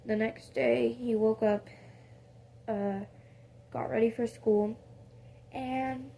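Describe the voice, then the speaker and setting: A woman's voice: high voice, creaky, warm tone, a little hiss or hum. A woman improvising a casual second-person story, rambling with many fillers and corrections of herself.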